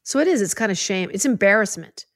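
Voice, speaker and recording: A middle-aged woman hosting a podcast in a chatty, animated way, giving heartfelt advice. Her voice sits in a middle pitch and sounds dry and close, with no room sound. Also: quick pace, no echo. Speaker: podcast host. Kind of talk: casual chat.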